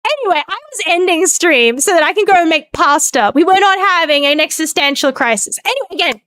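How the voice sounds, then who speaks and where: A high-pitched woman streamer talks casually at the end of a stream. She rambles and vents with frequent swearing, and thanks her viewers. The sound is dry, with no room echo. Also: animated, fairly quick, a bit bright. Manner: rambling, venting, swears freely.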